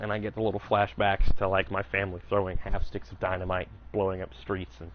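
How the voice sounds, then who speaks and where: A man's voice: low-pitched, little pitch movement, brisk, hardly any pauses, lo-fi sound, slight background noise. A young man telling a rambling, profane story casually while playing a game, often cutting himself off. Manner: rambling, profane, self-interrupting. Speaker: gaming streamer.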